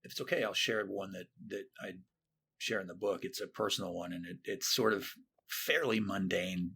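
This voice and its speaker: Here a middle-aged man, a therapist guesting on a podcast, shares a story from his life and acts out other people's words with lively energy. The voice sits low, carries vocal fry and a slight roughness, and keeps a moderate pace.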